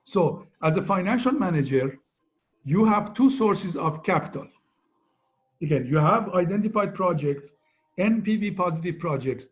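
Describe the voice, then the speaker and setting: A man's voice: sits high, lively intonation, normal speed. Male lecturer on muffled call audio. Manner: conversational, keeps asking "right?". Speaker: finance lecturer. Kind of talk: online lecture review.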